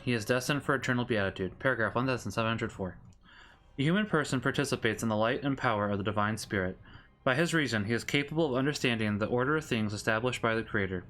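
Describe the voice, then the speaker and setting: A man in casual stream commentary, thinking aloud in a relaxed way at a medium pitch. Now and then he reads passages aloud plainly. A faint hiss sits under his voice. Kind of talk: casual gameplay commentary and prayer reading.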